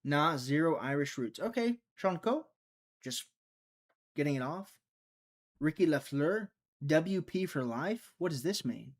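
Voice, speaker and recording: A man's voice: on the high side, expressive, a little slow, pauses often. A young man from Mississippi, rambling and joking as he hosts a casual live stream and answers chat. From Mississippi, USA. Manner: rambling, jokey, reads and answers chat aloud.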